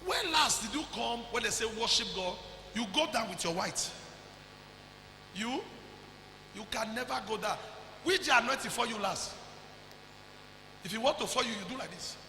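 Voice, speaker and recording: A Nigerian preacher delivers a fervent sermon, his high, swooping voice leaping into sudden shouts. His tone is bright and piercing with a gravelly edge, and it rings out through an echoey church hall with a long tail of reverb. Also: lively intonation, normal speed, pauses often, slight background noise. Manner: fervent preaching, bursts into shouts, mixes in pidgin. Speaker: pastor.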